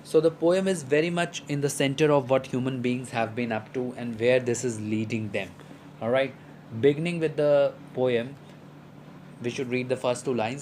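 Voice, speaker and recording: A man's voice: mid-range voice, steady tone, moderate pace, darkish tone, slight background noise, rough recording. Man lecturing on a poem. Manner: explanatory, with fillers and restarts. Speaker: literature teacher.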